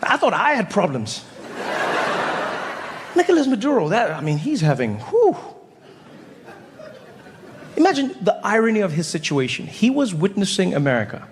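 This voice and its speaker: A man performing stand-up comedy, telling animated stories full of voice impressions. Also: sits high, a little hiss or hum. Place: comedy stage before an audience. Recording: live in a reverberant venue.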